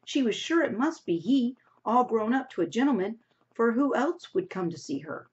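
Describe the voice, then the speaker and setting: A woman's voice: fairly high pitch, big pitch swings. Woman teacher reading a novel aloud. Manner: pauses to explain words in a casual classroom way. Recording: dull lo-fi recording.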